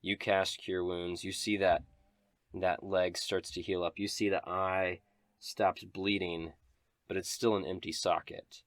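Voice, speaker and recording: Deep-voiced man running a tabletop game. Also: little pitch movement, a little slow, no room sound. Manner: descriptive, dramatic narration. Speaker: game master.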